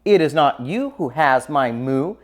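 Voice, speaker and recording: A man reading as a gentle storybook cow. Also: a little high, measured pace, pitched above the performer's own voice. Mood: searching. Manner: plain, even storybook reading. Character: gentle female cow searching for her moo. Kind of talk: reading a picture book aloud.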